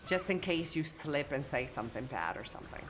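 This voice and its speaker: A young woman streams and talks straight to her chat, crude, teasing and quick to joke. Her pitch swings freely from phrase to phrase. Faint music plays behind her. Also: animated. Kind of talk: casual live-stream chat.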